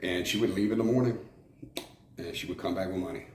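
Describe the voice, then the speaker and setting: A fairly quick, low-pitched voice belongs to an Arizona man who used to be a prison shot caller, candidly telling his life story to an interviewer. He rambles with fillers and restarts. The room echoes and carries faint noise.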